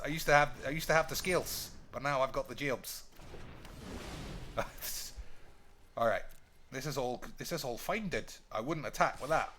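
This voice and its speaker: Bright-voiced man swearing through gameplay. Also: mid-range voice, moderate pace, pauses often, soft background music. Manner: profane, joking, thinking aloud. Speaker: streamer. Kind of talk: casual gameplay commentary.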